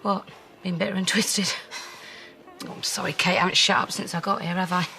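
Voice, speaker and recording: A woman's voice: lowish voice, steady tone, brisk, pushed and bright. An actress playing a frazzled woman in a TV soap, chatty and exasperated. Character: frazzled middle-aged woman club runner, bitter. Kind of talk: TV soap drama.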